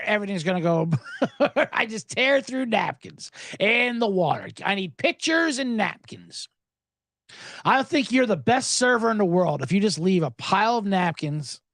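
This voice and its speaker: Here a high-pitched man hosting a podcast rants for laughs, sarcastic and animated, cursing and performing snippy bits of dialogue. It's a studio-quality recording without echo.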